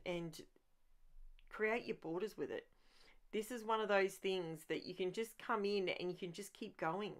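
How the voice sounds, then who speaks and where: A woman hosting a crafting video, talking over her process in a chatty, rambling way that is full of enthusiasm. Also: medium pitch. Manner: chatty, rambling, thinks aloud with frequent restarts; enthusiastic about messy art play.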